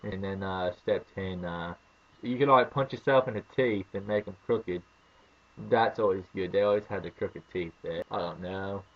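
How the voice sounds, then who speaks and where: An American man putting on an exaggerated fake English accent, loud and theatrical, in a comedy home vlog. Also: deep voice, moderate pace, lo-fi sound. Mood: mocking. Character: American man faking a hammy English gent.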